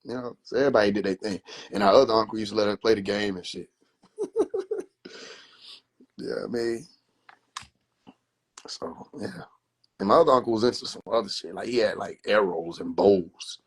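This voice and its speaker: A man hosting a livestream, telling family stories in a casual, profane, animated way with frequent laughter. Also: lowish voice, moderate pace, long pauses. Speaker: livestream host.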